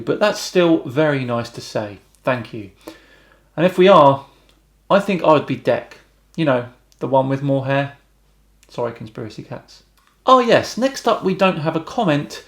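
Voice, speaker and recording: Wry British man, slightly higher voice. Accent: British English. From Britain. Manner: wry, deadpan. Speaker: YouTube channel host. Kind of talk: reading viewer comments with dry replies.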